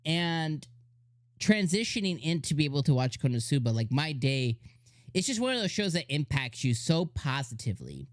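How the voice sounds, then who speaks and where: A man giving a casual anime episode review, excitable and laughing often, with lots of "like" fillers. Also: a little high, normal speed, no echo, studio quality.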